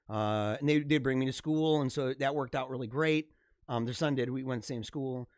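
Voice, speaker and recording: A man hosting a live stream, chatting casually in a rambling, energetic way and laughing often. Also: medium pitch, a little fast, dry recording, studio quality. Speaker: livestream host.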